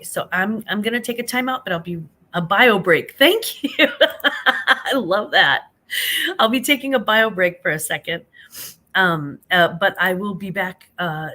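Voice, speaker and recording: A woman's voice: lowish voice, sharp tone. Sleepy, chatty woman live-streaming late at night. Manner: chatty, reads viewer comments aloud, calls people honey. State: half awake. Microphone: phone.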